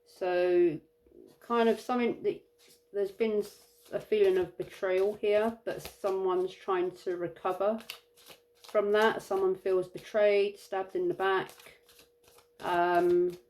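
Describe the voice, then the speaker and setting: A tired woman giving an intuitive tarot reading, musing and halting with many fillers. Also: medium pitch, fairly even intonation, a little mellow, a little hiss or hum. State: tired, yawning. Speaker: tarot reader.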